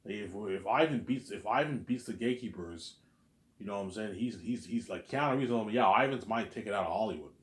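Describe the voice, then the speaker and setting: A man's voice: on the low side, brisk. A man in a rambling, profane monologue, who often stammers and repeats words. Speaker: vlogger. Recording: echoey room.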